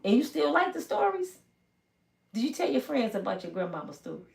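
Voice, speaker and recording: Woman, fifties, storyteller, very expressive pitch, somewhat high voice, casual, acts out voices. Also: brisk, vocal fry, noisy background. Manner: animated, acts out voices of people in her stories. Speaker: vlogger telling stories. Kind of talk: casual storytelling live stream.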